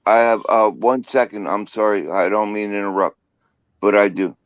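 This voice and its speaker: A man's voice: on the low side, fairly even intonation, moderate pace, dry recording, muffled recording. A man speaking earnestly on a livestream panel, flustered and pleading, with many ums and uhs.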